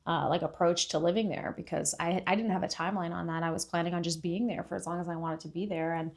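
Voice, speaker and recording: A woman from Puerto Rico, a podcast guest in casual chat, telling stories with lively jumps into acted-out voices. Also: quick pace, creaky. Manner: animated, acts out voices with big pitch jumps.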